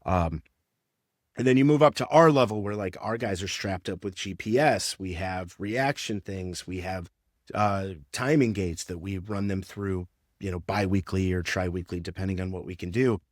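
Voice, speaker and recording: A man's voice: sits low, normal speed, no room sound, clean studio sound. A man who works as a strength and conditioning coach, explaining training in a casual podcast interview with lots of fillers.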